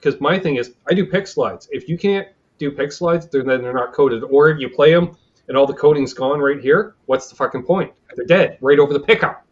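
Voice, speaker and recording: A Canadian man with a slightly high voice speaks fairly quickly, hosting a casual livestream chat heard over a video call. The stream audio is dull and lo-fi, and he spins rambling, salty stories, acting out what others said.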